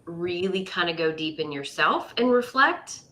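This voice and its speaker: A woman's voice: lowish voice, lively intonation, measured pace, bright, forceful tone. A woman co-hosting a casual podcast chat, speaking thoughtfully and reflectively.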